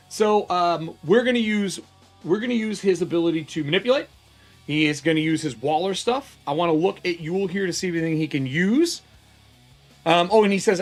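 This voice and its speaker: Casually rambling man narrating a game. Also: sits high. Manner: loose, rambling, counts aloud, swears freely. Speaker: solo game player and narrator.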